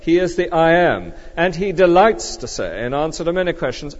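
A man delivers an emphatic, measured sermon, walking his congregation through a passage verse by verse. His pitch rises and falls in a lively way. The sound is dull and lo-fi, with a long reverb trailing off in a church. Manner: emphatic, measured expository preaching. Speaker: preacher.

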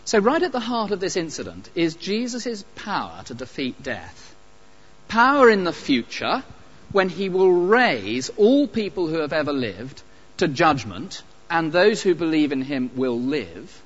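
A man preaching a sermon, emphatic and animated, with pauses and light asides. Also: a little high, slightly rough. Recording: dull lo-fi recording.

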